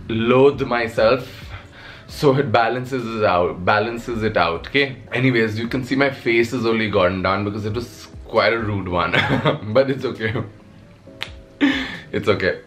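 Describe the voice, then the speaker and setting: A man's voice: medium pitch, moderate pace, a bit bright, soft background music. A young man from Nepal with a Nepali accent, a content creator answering viewer questions in a casual vlog, wry and self-mocking.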